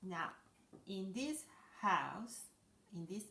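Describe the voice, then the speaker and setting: A woman teacher giving a children's language lesson, patient and slow, sounding out each word clearly. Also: on the low side, fairly bright tone, reverberant.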